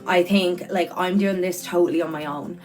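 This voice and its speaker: A woman's voice: on the low side, fairly even intonation, normal speed, music in the background. A young woman, hosting a casual livestream and reading out viewer comments in a chatty, earnest way, repeating words for emphasis. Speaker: livestreamer and podcast host.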